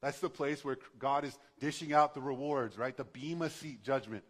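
A man's voice: medium pitch, fairly even intonation, normal speed. A male pastor preaching a sermon in a conversational, passionate way, building to emphatic bursts.

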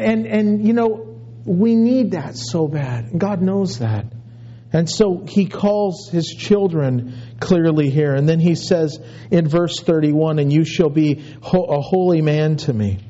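A man's voice: sits high, mellow, dull audio. A man preaching a sermon in a conversational way, often repeating words and acting out what people think. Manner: conversational preaching with many restarts and acted-out inner voices. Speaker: pastor.

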